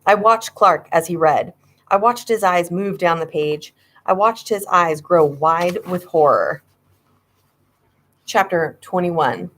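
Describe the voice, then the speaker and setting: A woman's voice: lowish voice, slow, fairly bright tone. A woman narrating a children's horror story, reading with dramatic suspense. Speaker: audiobook reader.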